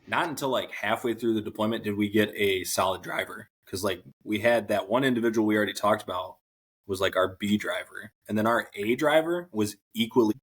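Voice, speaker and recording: Lower-voiced wry man. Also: fairly quick, husky. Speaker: podcast co-host, army veteran. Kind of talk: casual chat.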